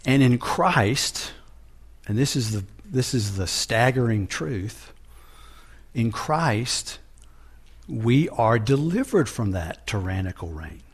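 A man preaching a sermon, teaching from scripture in a deliberate manner with frequent restarts. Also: medium pitch, lively intonation, husky.

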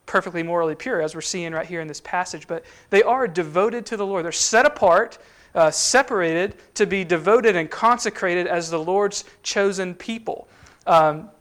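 A man with a fairly high voice preaches in a relaxed, conversational way. He explains a passage step by step, often pausing with fillers and restarting his sentences. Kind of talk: sermon teaching.

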